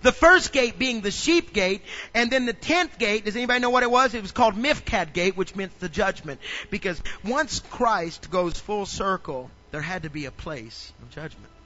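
A man preaching a sermon in a church, swinging from loud to hushed. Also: high voice, lively intonation, normal speed, few pauses. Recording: dull lo-fi recording.

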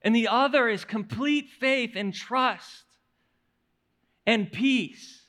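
A male pastor preaching a sermon in an animated storytelling manner, often restarting his words. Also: extremely high pitch, slow.

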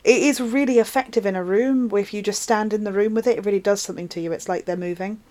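A woman, co-hosting a casual film discussion, animated and chatty with quick asides. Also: mid-range voice. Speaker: podcast co-host.

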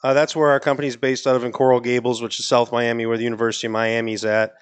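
A man's voice: medium pitch, flat delivery, rapid-fire, smooth. A man from Maine with a New England accent, a guest on a podcast in a studio, easygoing and rambling with many restarts. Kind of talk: casual podcast chat.

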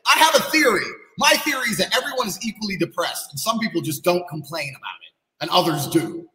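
Speaking fast and animated in a high-sitting, pushed, bright voice, this man is a kickboxing champion guesting on a podcast. He rants bluntly and profanely and boasts about himself, all in an echoey room with long reverb.

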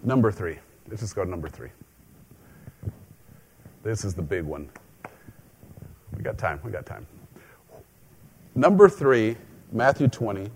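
Guy preaching a laid-back sermon, mid pitch, jokes around, says stuff twice to make it land. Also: warm tone. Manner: chatty, joking asides, repeats phrases for emphasis. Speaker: pastor. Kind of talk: conversational sermon.

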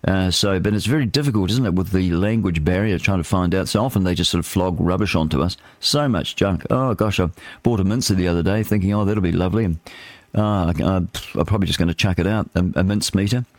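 A man's voice: sits low, quick pace, no echo. A man, hosting a breakfast radio show and chatting in a rambling, self-deprecating way. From New Zealand. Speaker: radio host. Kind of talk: casual breakfast radio chat.

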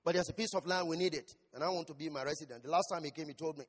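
A male pastor preaching a sermon, shouting at times and asking the congregation questions. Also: a little high, very fast, slightly rough, big-room sound.

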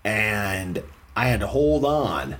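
A young man hosting a casual chat, telling a story in an animated way with frequent laughter. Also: lowish voice, slow pace.

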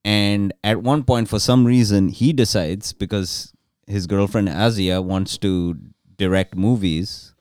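Low-voiced man telling a rambling story. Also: steady tone, takes it slowly, darkish tone, smooth, no room sound, clean studio sound. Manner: rambling, restarts, crude jokes. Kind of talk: casual storytelling chat.

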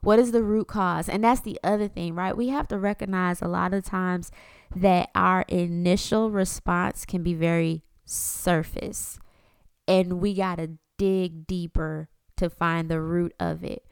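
A woman's voice: fairly low pitch, fairly even intonation, unhurried, creaky, clear, resonant tone, no room sound. A woman in her thirties hosting a faith-based podcast in a candid, conversational way, acting out her inner voices. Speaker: podcast host.

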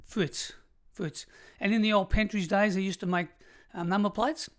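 A man's voice: sits high, fairly even intonation, fairly quick. Aussie guy in his 60s telling prison stories, punchy and emphatic, stacks up short phrases. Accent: Australian. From Australia. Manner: vivid, emphatic storyteller who piles up short phrases. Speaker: retired prison officer and guest. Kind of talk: storytelling in an interview.

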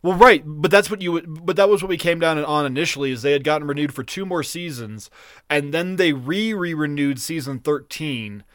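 A man chats casually as a podcast co-host, rambling and cursing freely as his thoughts run ahead of him. His voice sits a bit high for a man. The sound is dry, with no room around it. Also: fairly quick, no room sound. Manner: rambling, profane, excitable. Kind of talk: casual chat.

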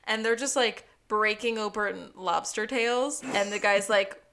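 A woman's voice: medium pitch, a little slow, hardly any pauses. A woman co-hosting a podcast, chatting casually as she recaps a TV episode and laughing often. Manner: chatty and animated, laughs often, acts out quotes. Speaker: podcast co-host.

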